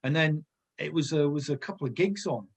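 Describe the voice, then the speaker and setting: Husky middle-aged man telling stories. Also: a little high, a little fast. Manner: rambling anecdotal storytelling, many restarts. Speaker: guest, former footballer. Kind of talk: casual podcast chat.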